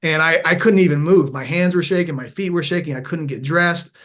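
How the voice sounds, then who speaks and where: A man's voice: a little high, brisk. A man as a podcast guest, telling a candid personal story in an earnest, reflective way and often restarting his phrases. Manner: animated when acting out past moments. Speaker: podcast guest, veteran turned mindfulness coach.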